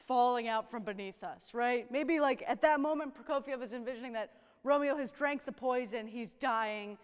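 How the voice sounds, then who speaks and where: A woman's voice: fairly high pitch, normal speed, clear, resonant tone, in a large hall. A woman horn teacher coaching young players in a rehearsal, upbeat and encouraging, often checking in with "right?". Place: rehearsal room with young musicians.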